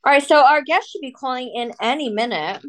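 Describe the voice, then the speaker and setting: A woman co-hosting a podcast, chatting casually in an expressive, melodramatic, joking way. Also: sits high, a little fast, background noise. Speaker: podcast co-host. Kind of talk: casual chat.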